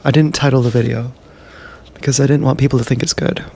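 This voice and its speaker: A man's voice: medium pitch, fairly even intonation, fast talker, vocal fry, dark tone, slight background noise. A man talking casually on a live stream from an action camera, meandering and self-deprecating with frequent hesitations. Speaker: vlogger. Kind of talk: rambling live-stream monologue. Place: outdoors or on the move, GoPro. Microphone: action camera mic.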